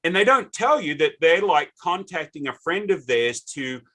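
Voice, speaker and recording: Chatty Australian host, bright tone. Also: male voice, on the high side, big pitch swings, moderate pace. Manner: chatty, rambling anecdotes. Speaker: podcast host. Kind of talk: casual interview chat.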